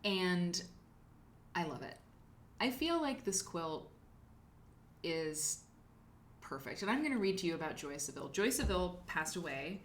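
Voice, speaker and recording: A woman's voice: lowish voice, big pitch swings, unhurried, long pauses, a little hiss or hum. A woman hosting a live quilting show, chatting casually and rambling while she thanks viewers by name. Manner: chatty, rambling, reads chat names aloud. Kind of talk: casual livestream chat.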